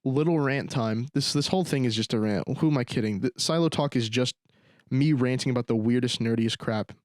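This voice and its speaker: A young man hosts a solo podcast, ranting in casual slang, leaning on sarcasm and repeating "dude" and "bro." His voice is medium-pitched and fairly quick, on a dry, studio-quality recording.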